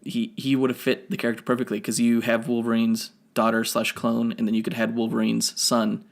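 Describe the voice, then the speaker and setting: A man's voice: mid-range voice, completely flat delivery, fairly quick, gravelly. A man co-hosting a podcast, chatting casually through a film review, rambling and correcting himself as he goes. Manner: rambling, self-correcting, nerdy detail. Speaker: podcast co-host.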